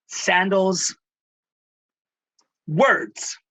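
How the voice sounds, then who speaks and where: In a conversation, a middle-aged Texan spiritual healer and life coach tells personal stories with strong emotion, slipping into Spanish endearments. His high, bright voice is very animated and forceful, with drawn-out words. The audio is poor, with no room sound.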